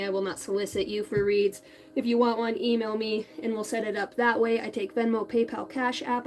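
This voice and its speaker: A woman's voice: medium pitch, low-quality recording. A woman in her thirties hosting a tarot reading livestream, chatting casually and bluntly with viewers and swearing freely. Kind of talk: casual live-stream chat.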